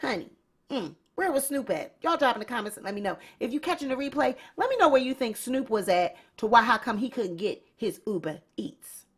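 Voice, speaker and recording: A woman's voice: a little high, lively intonation, a little fast, slightly rough. Sassy woman hosting a gossip show. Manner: sassy, talks straight to viewers. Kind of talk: casual commentary.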